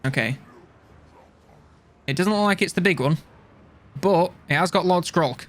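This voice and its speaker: A young man chatting casually while playing a strategy game on stream, rambling and mocking himself with quick jokes. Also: sits high, a bit bright. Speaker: gaming streamer. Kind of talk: casual let's-play commentary.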